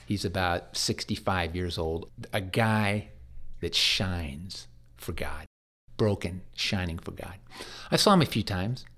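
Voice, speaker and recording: Earnest, halting lower-voiced man. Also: fairly bright tone. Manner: earnest, halting, repeats words. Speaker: hospice chaplain. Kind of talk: conversational interview storytelling.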